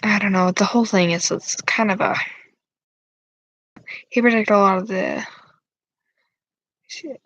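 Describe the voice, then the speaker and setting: A woman's voice: medium pitch, measured pace, long pauses, a bit bright, no room sound, poor audio. A young woman hosting her channel, chatting casually with viewers in a rambling, giggly way full of fillers.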